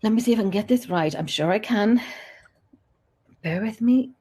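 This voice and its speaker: A woman's voice: medium pitch, moderate pace, warm tone, slightly rough, poor audio. A woman hosts a live paranormal chat show in a casual, teasing way. She laughs often and talks in a chatty, easy flow. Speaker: host.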